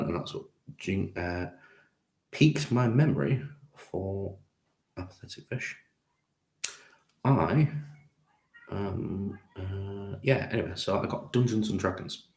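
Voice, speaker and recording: A man with a low voice rambles casually through a live stream as he paints miniatures, often poking fun at himself. He is recorded in an echoey room. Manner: rambling, self-deprecating, chatty with viewers. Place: home conservatory.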